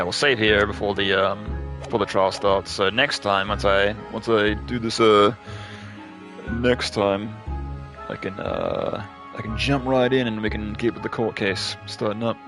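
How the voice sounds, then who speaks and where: A man casually chatting while playing a game on stream, relaxed and a bit salty. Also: fairly low pitch, a little slow. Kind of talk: casual let's play chat. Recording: game music behind.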